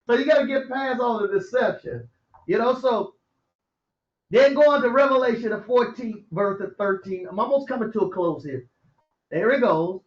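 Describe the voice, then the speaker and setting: A man teaching scripture like a preacher. He reads verses slowly and then explains them in a casual, conversational way, often chuckling to himself. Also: extremely high pitch. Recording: roomy, dull lo-fi audio.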